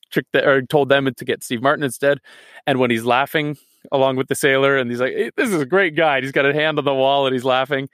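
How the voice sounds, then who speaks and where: A man's voice: medium pitch, fairly bright tone, no echo. A man rambling through a casual podcast chat, often laughing. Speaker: podcast guest.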